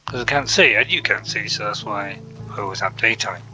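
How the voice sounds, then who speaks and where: Bright-voiced man chatting over a game. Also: lowish voice, a little fast, faint music behind, rough recording. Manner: chatty, joking asides. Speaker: gaming channel host. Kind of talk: casual game commentary. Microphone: console app chat mic.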